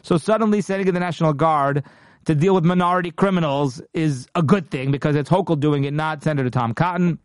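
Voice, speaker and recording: A man's voice: fairly high pitch, fast, no echo, clean studio sound. A man hosting a political commentary show, talking emphatically and indignantly and often restarting his sentences.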